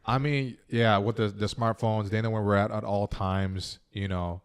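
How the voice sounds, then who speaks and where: A man who is a comedian and editor, chatting on a podcast with quick joking reactions. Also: on the low side, steady tone, smooth. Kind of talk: casual podcast chat.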